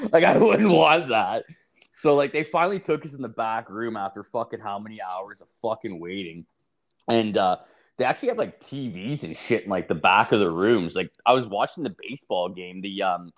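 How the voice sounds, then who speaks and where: A man's voice: fairly low pitch, expressive, normal speed. A man co-hosting a podcast, telling crude stories in casual chat, swearing and acting out the people he quotes. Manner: profane, laughing, acts out quoted people. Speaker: podcast co-host.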